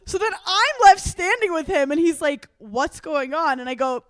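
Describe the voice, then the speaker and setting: A woman's voice: high-pitched, lively intonation, normal speed, fairly bright tone, dry recording. A young woman co-hosting a casual podcast, telling a story animatedly with frequent laughter and acted-out quotes. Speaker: podcast co-host. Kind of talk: casual chat.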